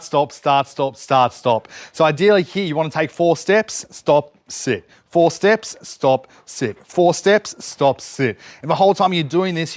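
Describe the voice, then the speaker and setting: Guy dog trainer, a bit high voice, dry sound, outside walking his dog and talking you through it, lots of good boy. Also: no room sound. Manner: explains steps while giving his dog short cues and praise. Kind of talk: hands-on training demonstration. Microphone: camera set up nearby.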